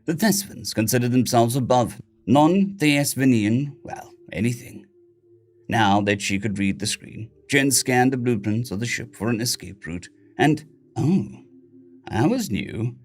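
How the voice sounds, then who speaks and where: A man narrating a science fiction audiobook in a steady, even storytelling voice. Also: medium pitch, a little slow, faint music behind. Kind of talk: scripted sci-fi narration.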